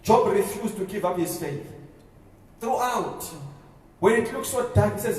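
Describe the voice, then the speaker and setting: A male pastor with a high, slightly mellow voice and lively, unhurried intonation preaches emphatically to his congregation, using call-and-response and repeating key phrases. The echoey recording, made from far off in a large church hall, carries faint room noise.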